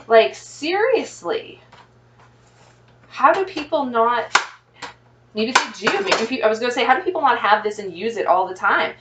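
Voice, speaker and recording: A woman chatting excitedly to her viewers as she cooks, thinking out loud in a casual vlog. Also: fairly high pitch, moderate pace, pauses often, roomy sound, distant mic, background noise. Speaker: cooking vlogger. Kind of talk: casual cooking vlog, talking to camera. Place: home kitchen.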